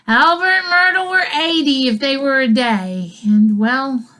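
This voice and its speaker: A woman's voice: sits high, fairly bright tone. A woman telling a comic story, rambling with asides and chuckling between lines. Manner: rambling, self-interrupting with asides. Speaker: comedian. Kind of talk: comedic storytelling.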